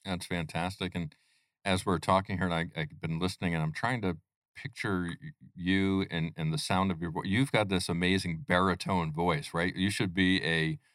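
Low-voiced male podcast host. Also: steady tone, moderate pace, fairly bright tone, dry recording, clean studio sound. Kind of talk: live podcast interview hosting.

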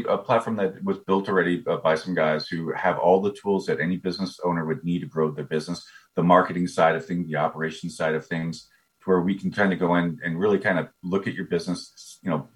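A man talking as a business coach guest in a casual interview, eager and often repeating his first words. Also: low-pitched. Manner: eager, repeats words when starting a thought.

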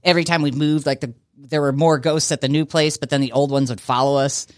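A woman's voice: sits low, fairly even intonation, fairly quick, no room sound. A woman, a business owner and actor, chatting as a guest in a radio studio, rambling and laughing with the odd swear word. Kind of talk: casual radio interview chat.

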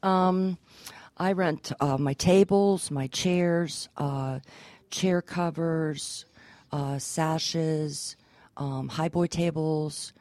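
Low-voiced woman with many ums. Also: fairly even intonation, extremely slow, a little mellow, dry recording. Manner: hesitant, many ums, businesslike. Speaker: event rental business guest. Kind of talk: radio interview chat. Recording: dry studio mic.

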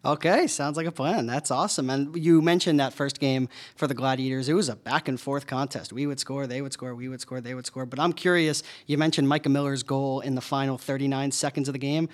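A man's voice: medium pitch, steady tone, brisk, hardly any pauses. Upbeat man hosting a sports podcast. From Northeastern US. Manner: friendly, upbeat, chatty questioning. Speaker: podcast host, team broadcaster.

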